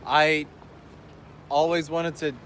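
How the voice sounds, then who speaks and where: A man's voice: fairly high pitch, level tone, takes it slowly, a bit bright, a little hiss or hum. A man hosting a travel live stream outdoors, chatting enthusiastically with viewers while walking and reading their messages aloud. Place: outdoors on a seaside island path.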